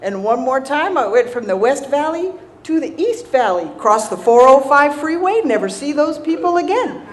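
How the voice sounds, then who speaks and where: A woman from the Southern United States, with a high voice and big pitch swings, speaks at a moderate pace over a slight hiss or hum. As a recovery speaker before a live audience, she tells her personal story in a self-mocking, conversational way, often checking in with "right?"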